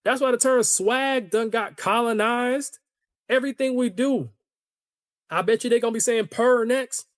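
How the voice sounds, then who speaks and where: A man hosting a solo podcast, ranting in an animated, opinionated way and talking to his listeners as "y'all". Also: very high voice, moderate pace, dry recording, clean studio sound. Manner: conversational, addresses listeners as y'all. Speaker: podcast host.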